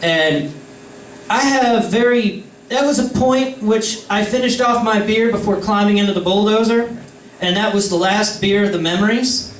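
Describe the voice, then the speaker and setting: Young guy, high voice, heard from a distance in an echoey room, spins a profane party story with a faint hum behind him. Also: moderate pace. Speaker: storyteller among friends. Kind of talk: casual anecdote. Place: indoor room with friends. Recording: roomy, distant mic, faint ambience.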